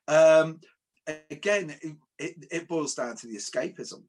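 A man from England co-hosting a casual martial arts discussion, joking and animated. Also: on the high side, measured pace. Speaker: martial arts show co-host.

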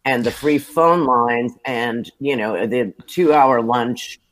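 An American man, a television producer, telling lively, self-deprecating stories from his career in a casual interview. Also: mid-range voice, slow. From United States.

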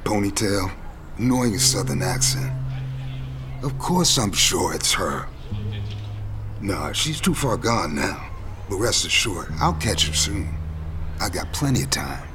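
A man's voice: sing-song, slow, pauses often, exaggerated voice. An actor playing a creepy, sinister man who lurks below a balcony and mutters into a phone. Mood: menacing. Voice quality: low muttering phone talk. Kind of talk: audio drama acting. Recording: noisy, heard from a distance.

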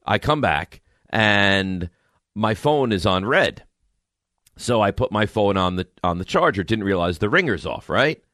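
A middle-aged man hosting a radio show, telling stories in animated, exasperated, wry banter. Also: fairly low pitch, unhurried, no echo, studio quality. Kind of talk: casual morning radio banter. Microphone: studio microphone.

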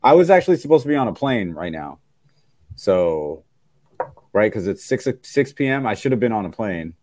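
A man with a low voice, worn out after a late night, chatting loosely as a podcast host. He rambles, restarts, and laughs through his stories. The sound is dry and close, with no room in it. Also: sing-song, moderate pace, darkish tone, no echo. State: tired. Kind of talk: casual chat.

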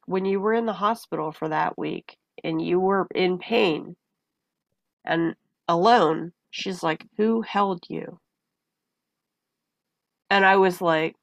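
A woman guest in a casual conversation, telling personal stories in an animated way and acting out the voices of the people in them. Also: on the low side, slow, vocal fry, dry recording, dull audio. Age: adult mother of a young child. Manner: animated, acts out voices in her anecdotes. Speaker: podcast guest.

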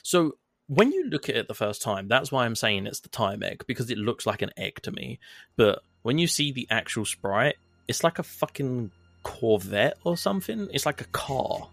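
A man co-hosting a podcast in casual chat, swearing freely and retelling events with animated energy. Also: medium pitch, moderate pace, gravelly, no room sound, studio quality. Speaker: podcast co-host.

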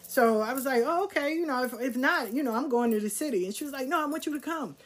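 Blunt, profane husky-voiced woman storyteller. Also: high-pitched, quick pace. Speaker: podcast host. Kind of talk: personal storytelling.

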